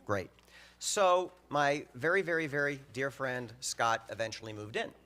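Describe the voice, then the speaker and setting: A middle-aged man giving a humorous eulogy, telling family stories in an animated way and acting out the dialogue. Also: medium pitch, unhurried. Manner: animated, acts out dialogue, laughs through lines. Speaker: eulogy speaker.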